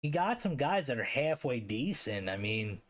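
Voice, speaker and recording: A man with a Philadelphia accent talks through a live stream in a relaxed, slangy way. He drops swear words and answers his chat as he goes. His pitch sits at an ordinary middle level for a man. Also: normal speed. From Philadelphia area, US. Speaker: streamer host ranking hockey league teams. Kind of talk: casual live-stream commentary.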